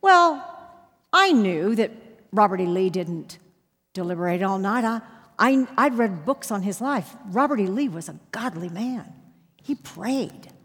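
A Bible teacher with a husky, slightly breathy, medium-pitched voice delivers an animated sermon with a personal story, moving between quiet, measured points and sudden loud bursts of emphatic storytelling. A long reverb suggests a large hall.

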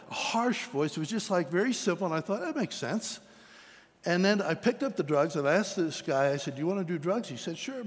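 Man, preacher, earnest storytelling testimony, fairly high voice, long hall reverb. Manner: storytelling, earnest, rises in pitch when emphatic. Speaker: preacher telling his testimony. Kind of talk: sermon testimony.

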